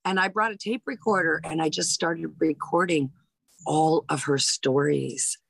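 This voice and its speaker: A woman's voice: sits low, measured pace, gravelly, husky, dry recording, rough recording. A woman in her fifties from Hawaii, a stand-up comedian, telling family stories in a casual interview with lots of restarts. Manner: animated storyteller, lots of restarts.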